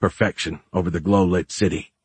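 Deep, husky male storybook narrator. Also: fairly even intonation, brisk, a little mellow, dry recording. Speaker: audiobook narrator. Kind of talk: scripted narration.

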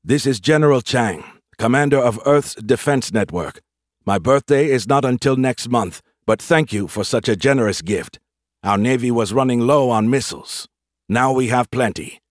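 A man voicing a calm, confident human general in an audiobook, courteous with a dry, taunting edge. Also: medium pitch, normal speed, no room sound, natural voice. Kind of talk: audiobook character voice.

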